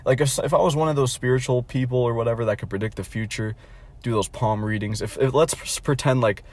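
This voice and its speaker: A man's voice: mid-range voice, quick pace, darkish tone. A young adult man telling a casual storytime rant, blunt and mocking, rambling with lots of fillers and restarts and frequent swearing. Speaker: vlogger.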